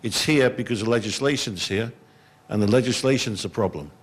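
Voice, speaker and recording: A man's voice: lowish voice, fairly quick, breathy edge. A middle-aged man, answering as a panelist in a conference hall in a blunt, exasperated, frank way. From England.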